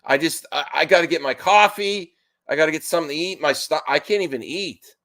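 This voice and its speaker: Jittery excited man live streaming. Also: fairly high pitch, fairly quick. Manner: excited, restless, keeps interrupting himself. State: nervous and worked up. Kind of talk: live stream reaction chat.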